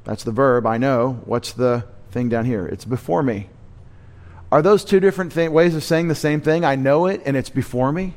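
In a church sanctuary, a man preaches an expository sermon with a mid-range voice and a darkish tone, taking the passage line by line. He frequently puts questions to his listeners and then answers them, and he emphasizes central words by repeating them on purpose.

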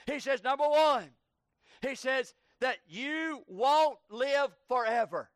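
A male preacher with a strikingly high voice delivers a fervent sermon. He swings from ringing shouts down to hushed pleading and rattles off long lists in quick bursts. The sound is close and dry, with no room around it. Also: animated, no echo. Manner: rapid piled-up lists.

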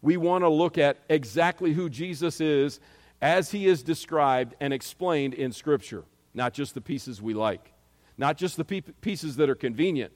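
Pastor guy preaching, kinda high voice, long church-hall echo. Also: a little slow, a little mellow. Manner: earnest preaching with scripture readings. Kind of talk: sermon.

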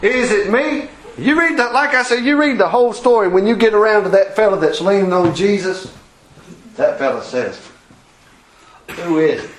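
A man's voice: high-pitched, lively intonation, fairly quick, rough recording. A man preaching a folksy sermon, acting out quotes and laughing between points.

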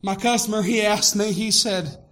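A man preaching with a very high, sharply bright voice. He pastors with impassioned fervor, often climbing into shouts. His colors every line of the sermon. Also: steady tone, moderate pace. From Tennessee, US.

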